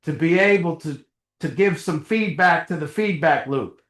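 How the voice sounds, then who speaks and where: A middle-aged man with a slightly high, a bit bright voice speaks at a moderate pace, the sound reverberant. He's casually motivating a small recovery group in a meeting room, conversational and chuckling through little acted-out dialogues.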